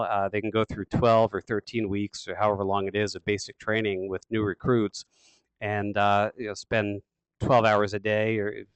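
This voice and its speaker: Brief: male sales coach on a webinar, lowish voice, rapid and emphatic, dry close sound. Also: smooth, dry recording. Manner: fast, emphatic, energetic delivery.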